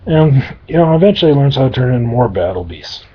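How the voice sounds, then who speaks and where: A man's voice: mid-range voice, sing-song, quick pace, slightly rough. A man telling an improvised story in a rambling, crude way, padding it with fillers, in a dull lo-fi recording. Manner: rambling, crude, full of "you know".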